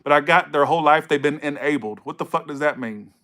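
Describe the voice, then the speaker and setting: A man's voice: fairly high pitch, quick pace, a bit bright. A man giving a casual tarot reading to camera, blunt and profane, scolding viewers and repeating himself for emphasis. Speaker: tarot reader.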